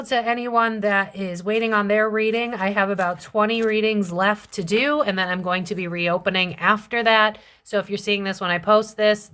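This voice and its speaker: A woman's voice: medium pitch, fairly bright tone, clear, resonant tone. Young woman, tarot reader, chatty and blunt delivery, casual slang, mid-range voice. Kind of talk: casual tarot reading to camera.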